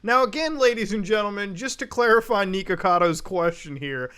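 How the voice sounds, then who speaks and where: A man doing sarcastic, animated commentary on a video channel, swearing casually. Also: high voice, fairly quick, clear, resonant tone. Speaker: commentary YouTuber. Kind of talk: reaction commentary.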